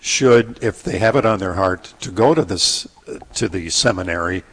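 A man co-hosting an interview, speaking in a thoughtful, halting way. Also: sits low, fairly bright tone, husky. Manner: halting, many fillers and restarts, thoughtful. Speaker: co-host. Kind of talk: casual interview chat.

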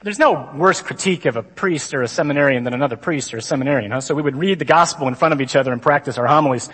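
A man, a priest giving a humorous conference sermon with lively storytelling and mock-dramatic asides. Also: medium pitch, very fast, breathy edge, some chatter behind. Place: large conference hall. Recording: long reverb of a conference hall.

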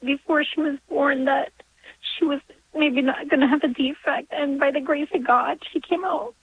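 Woman caller in her forties, high-pitched, emotional and halting, close to tears, heard over a tinny phone line. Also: steady tone, a little hiss or hum. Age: 40s. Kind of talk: call-in radio talk.

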